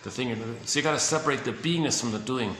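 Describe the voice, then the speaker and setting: A man giving a casual, halting explanation on psychology, often searching for words and repeating himself. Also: medium pitch, a bit bright, slight background noise. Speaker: speaker on psychology. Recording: echoey room with faint ambience.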